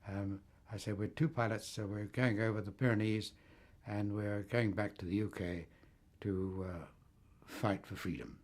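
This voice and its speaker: A man's voice: lowish voice, steady tone, a little slow, darkish tone. An older man recalls his wartime escape in an oral history, rambling through the story with fillers and small chuckles. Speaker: war veteran recounting his escape.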